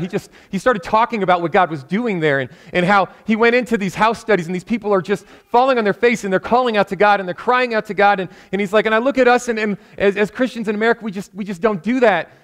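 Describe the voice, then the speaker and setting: A man's voice: fairly high pitch, a bit bright. A man preaching a sermon in a church, telling a story earnestly and building to impassioned appeals, with frequent restarts.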